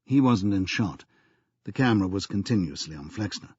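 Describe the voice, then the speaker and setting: A man reading an audiobook in measured, even scripted narration. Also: sits low, husky, no echo, dull audio.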